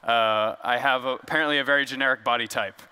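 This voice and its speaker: A man's voice: mid-range voice, steady tone, quick pace, pushed and bright, smooth, in a large hall. A man giving a casual, joking conference talk on stage, loose and conversational with fillers. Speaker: conference speaker. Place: large conference hall.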